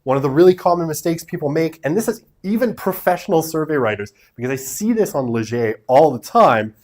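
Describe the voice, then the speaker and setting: A man's voice: fairly high pitch, lively intonation, brisk, a little mellow. Chatty joking male lecturer. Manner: chatty, self-deprecating, jokey asides with laughs. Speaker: university sociology lecturer. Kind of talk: casual classroom lecture. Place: lecture classroom.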